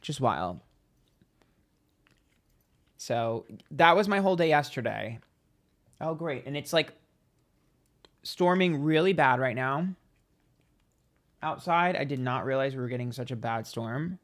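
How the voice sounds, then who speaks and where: A man's voice: mid-range voice, a little slow, long pauses, fairly bright tone. A man in casual vlog chat, telling a story with lots of "like" and acted-out reactions. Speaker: tarot reader and YouTuber.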